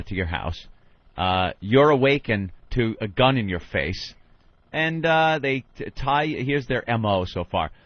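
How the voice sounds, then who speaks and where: A man co-hosting a talk radio show, telling stories in an animated, profane way from a studio microphone. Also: lowish voice, dry recording. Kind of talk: casual talk radio banter. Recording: dull, lo-fi dry studio sound.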